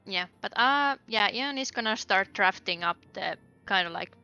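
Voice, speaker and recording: A woman's voice: mid-range voice, lively intonation, normal speed, bright, forceful tone, smooth, lo-fi sound, soft background music. A woman playing a tabletop game, planning aloud in a rambling, casual way. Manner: rambling, many fillers. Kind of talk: casual chat.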